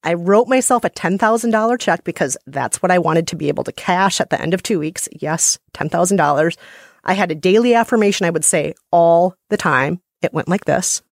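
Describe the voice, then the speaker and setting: A woman's voice: fairly low pitch, brisk, no echo, clean studio sound. A woman co-hosting a chat show, telling stories in a playful, self-mocking way. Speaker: podcast co-host. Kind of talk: casual chat.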